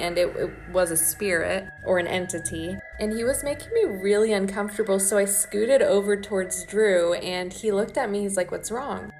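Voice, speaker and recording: A young woman casually telling a personal ghost story to her viewers, chatty and earnest, with lots of "like". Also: medium pitch.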